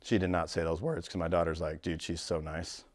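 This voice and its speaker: A middle-aged man giving a casual motivational talk as a real estate coach. He tells stories, swears, says dude, and swings from low confiding to loud and excited. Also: brisk.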